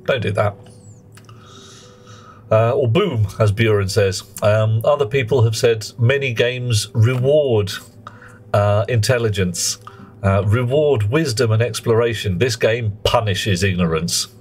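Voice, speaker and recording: A man's voice: fairly low pitch, unhurried, a little mellow, soft background music. A man streaming a game live, chatting in a jokey, rambling way and greeting viewers between explanations.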